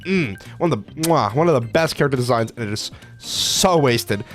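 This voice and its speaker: Young male vlogger, mid-pitched, casual and profane, excitable fan energy. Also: moderate pace, soft background music. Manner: profane, excitable, lots of "like" fillers. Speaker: anime video creator. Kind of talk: casual commentary ranking characters.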